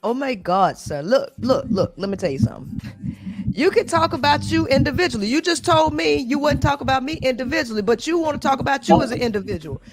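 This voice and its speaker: Middle-aged American woman, high voice, combative and blunt in debate. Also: animated, brisk, slight background noise. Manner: blunt, confrontational, repeats herself. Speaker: podcast guest. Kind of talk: heated debate.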